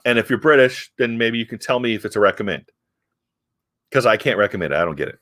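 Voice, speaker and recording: A man's voice: on the low side, animated, quick pace, fairly bright tone. A middle-aged man from the United States chatting casually about comics, rambling and hesitant but frank. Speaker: comic review host. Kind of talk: casual chat.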